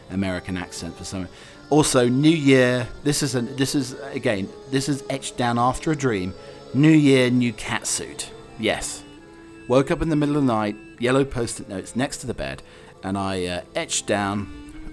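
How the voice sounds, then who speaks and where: Rambling, jokey man, low voice. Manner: rambling, jokey, meandering asides. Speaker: podcast host. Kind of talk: casual solo monologue.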